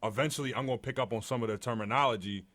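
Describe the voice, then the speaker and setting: Young male podcast co-host, deep voice, laid-back chat. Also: rapid-fire. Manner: relaxed, conversational, many fillers. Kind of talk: casual chat.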